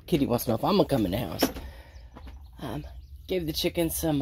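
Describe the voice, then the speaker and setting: A woman vlogging outdoors in her backyard garden. She rambles in a casual, unhurried way, sounds a little out of breath, and feels unwell. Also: low voice, background noise. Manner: rambling, unhurried, with repeated sign-offs. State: feeling unwell. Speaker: homestead vlogger. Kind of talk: casual chat.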